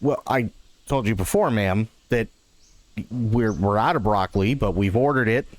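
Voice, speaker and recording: A man voicing a patient male grocery clerk in a joke, dropping into a lower, overly polite voice. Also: moderate pace, dry recording, natural voice.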